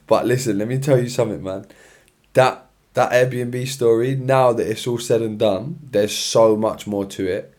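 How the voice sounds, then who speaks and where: A man's voice: medium pitch, normal speed, a little mellow. Tired, slangy young man. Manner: chatty, slangy, rambling. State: tired, yawning. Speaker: podcast host. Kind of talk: solo podcast chat. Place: his own room. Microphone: own podcast mic.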